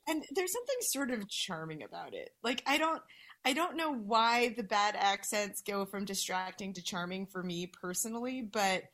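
A woman on a podcast, talking bluntly. Her voice sits in an ordinary middle pitch. She swears casually, and her points come in quick, emphatic bursts. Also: lively intonation, fairly bright tone. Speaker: guest.

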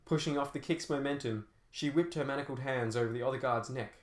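A man's voice: mid-range voice, fast talker. A man narrating an action novel as an audiobook, telling fight scenes dramatically with shifting pace. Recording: roomy echo.

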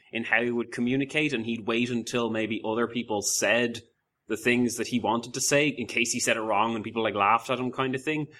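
In a laid-back podcast chat, the male host keeps restarting his sentences and pokes fun at himself as he rambles. He has a lowish voice with a pushed, bright quality.

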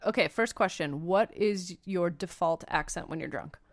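A woman's voice: fairly low pitch, moderate pace. A woman from Montreal hosting a podcast, asking teasing questions with dry jokes. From Montreal, Canada. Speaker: podcast host. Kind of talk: casual podcast chat.

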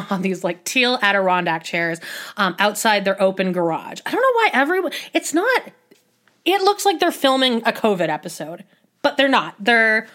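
Chatty woman doing a solo podcast recap, mid-pitched voice, rambly, says like a lot, dry little asides. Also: fairly bright tone. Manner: rambling, heavy on filler words and restarts, wry asides. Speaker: podcast host recapping a reality show.

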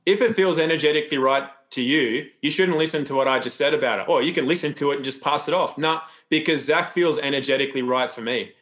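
A man's voice: a little high, fast talker, few pauses, fairly bright tone. A man talking as a podcast guest, loose and rambling, with frequent restarts and asides. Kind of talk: casual interview talk.

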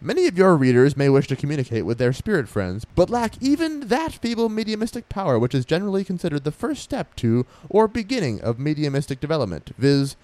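Brief: earnest old-timey spiritualist gentleman, formal and raised in pitch, lively rise and fall, read aloud by a male podcaster. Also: quick pace, few pauses, dry recording. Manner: old-fashioned formal reading, nearly transatlantic. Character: earnest 1870s male spiritualist letter writer.

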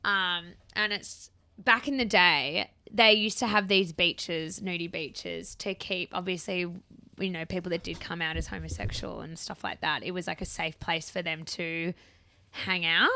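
A woman's voice: on the low side, measured pace, bright, forceful tone, no echo, clean studio sound. A young woman with an Australian accent, casually telling a story as a podcast co-host, chatty and swearing freely.

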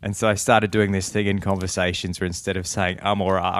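A man's voice: medium pitch, huge pitch swings, unhurried, pauses often, background noise. A man with an Australian accent co-hosting a casual podcast, playful and rambling, laughing often. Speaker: podcast co-host.

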